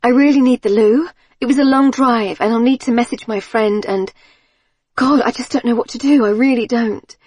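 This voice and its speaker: A woman's voice: high-pitched, very animated, moderate pace, darkish tone, slightly rough, pitched above the performer's own voice, heavily acted. A woman voicing a flustered, apologetic suburban mum who gushes and pleads. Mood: pleading. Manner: gushing, apologetic, breathless.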